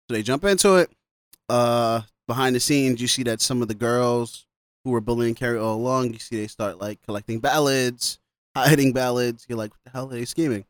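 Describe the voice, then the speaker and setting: A man's voice: mid-range voice, steady tone, quick pace, clear, resonant tone, dry recording. A man casually recapping a film on a podcast, laughing often and quoting the characters as he goes. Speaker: podcast co-host. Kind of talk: casual movie recap chat.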